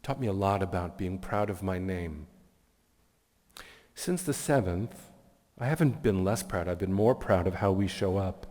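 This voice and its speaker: A man's voice: low voice, measured pace, a little mellow. A man giving a keynote sermon as a rabbi, telling stories in an earnest, reflective way and offering blessings. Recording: long hall reverb.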